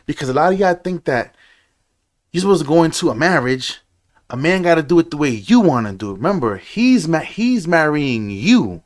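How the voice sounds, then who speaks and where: A man ranting to camera about marriage, frustrated, preachy and repeating himself. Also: on the high side. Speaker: commentator. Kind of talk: reaction rant to camera.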